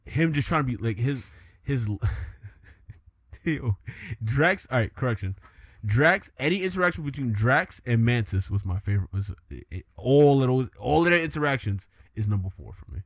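A man hosting a casual podcast chat, animated and laughing often, slipping into joking put-on voices. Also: medium pitch, moderate pace, no echo, studio quality. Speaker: podcast host.

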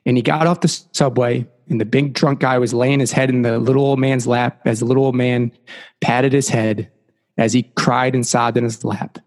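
A man's voice: medium pitch, steady tone, moderate pace, darkish tone, long reverb tail. A man, a podcast guest, telling a story casually and animatedly, with lots of "like" and "you know.".

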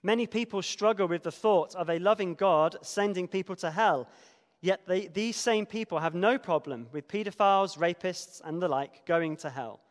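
A man's voice: high-pitched, normal speed. Man preaching in an echoing hall. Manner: expressive reading, shifting between soft hushed lines and emphatic ones. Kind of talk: sermon with a dramatic reading from a book. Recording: long reverb of a large hall.

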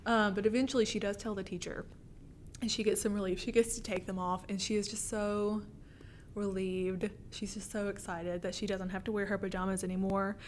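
A woman's voice: mid-range voice, level tone, fairly quick, a little hiss or hum. A woman co-hosting a casual podcast chat, telling funny stories and laughing often. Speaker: podcast co-host.

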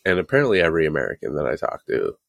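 Canadian man with a Canadian accent, deep voice, dry close recording, understated podcast guest. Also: wildly swooping pitch, rapid-fire, gravelly, no room sound. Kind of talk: casual comedic chat.

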